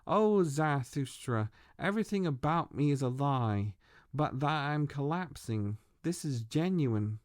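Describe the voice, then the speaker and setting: A worn-out, deceitful old sorcerer, put on by a man reading a book. He pleads and pities himself, his voice swinging through a wide range at a slow, heavy pace. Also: medium pitch, big pitch swings, a little mellow, dry recording, clean studio sound. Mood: defiant then weary. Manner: pleading, self-pitying.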